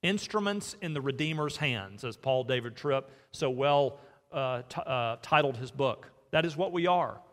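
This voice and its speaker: A man's voice: mid-range voice, lively intonation, moderate pace. A man preaching a sermon in a church, earnest and asking his listeners direct questions. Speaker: pastor. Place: church sanctuary. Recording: long hall reverb.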